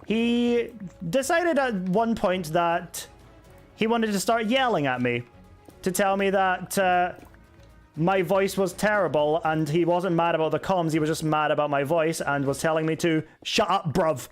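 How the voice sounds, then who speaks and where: A man's voice: sits high, a little slow, soft background music. A young man streaming a game, chatting casually and answering chat with sarcasm and swearing. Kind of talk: casual live-stream chat while gaming.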